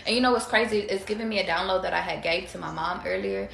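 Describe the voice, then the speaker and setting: A woman's voice: medium pitch, fast talker, vocal fry, a bit bright, slight background noise. A woman giving a casual tarot reading to viewers, chatty, slangy and freely profane as she talks to them directly. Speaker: tarot reader. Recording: roomy echo.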